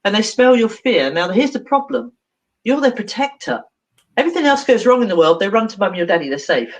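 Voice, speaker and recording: A woman's voice: a little high, fairly quick, highs cut off. A woman, a therapist, telling a story animatedly in an interview, acting out voices and laughing often. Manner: expressive, acts out dialogue, laughs often.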